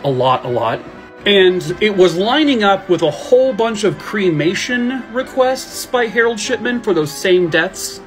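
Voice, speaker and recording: A man narrating true crime cases in a casual way, dropping wry jokey asides. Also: high voice.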